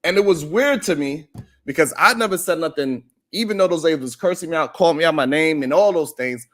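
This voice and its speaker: Speaking a little fast in a fairly high voice, this live stream host spins out a lengthy, animated tale. He acts out the voices in the story and calls out viewers in his chat by name.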